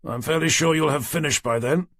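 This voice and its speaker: Reading an audiobook, a man lightly acts the part of a gruff, weary, middle-aged detective inspector, dry, sardonic, and commanding. The delivery is fairly quick and on the high side, a bit bright, pitched above his own voice in a dry recording.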